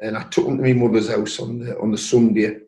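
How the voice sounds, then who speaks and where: A man's voice: lowish voice, little pitch movement, fast, mellow. Older man telling stories. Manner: anecdotal, repeats words, acts out quotes. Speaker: former coal miner and trade unionist. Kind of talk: storytelling in an interview. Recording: echoey room.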